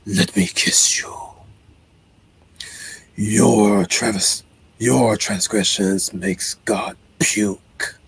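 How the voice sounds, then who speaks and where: A man voicing a creepy, seductive male demon in a slow, breathy whispered role-play. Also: lowish voice, steady tone, a bit bright, heavily acted. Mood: menacing.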